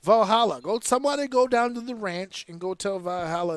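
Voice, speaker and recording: A man hosting a casual podcast, ranting in an animated, profane way. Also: sits high, moderate pace, clean tone, dry recording. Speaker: podcast host.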